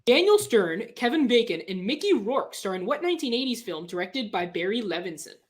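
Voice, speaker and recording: Lively playful woman co-hosting. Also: mid-range voice, brisk. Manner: playful, announces with flair. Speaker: co-host. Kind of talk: game show hosting.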